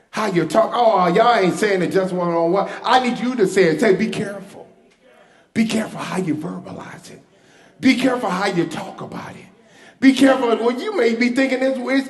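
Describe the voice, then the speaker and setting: A male pastor preaching a sermon, leading the congregation in call-and-response and building to shouts. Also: high-pitched. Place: church sanctuary. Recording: echoey church hall with music.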